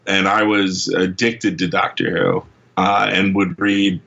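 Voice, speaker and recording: A man from England, a comic book writer telling rambling, excitable anecdotes as an interview guest, full of restarts, in a muffled lo-fi recording. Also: low-pitched, slow, gravelly. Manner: rambling, excitable, many restarts and fillers, acts out quotes.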